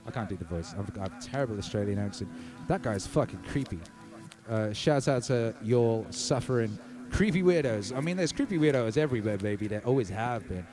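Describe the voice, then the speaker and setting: A man hosting a music livestream, chatting casually and reading viewer comments aloud, hyped and profane, swinging between shouted shout-outs and low murmurs. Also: expressive, a little fast.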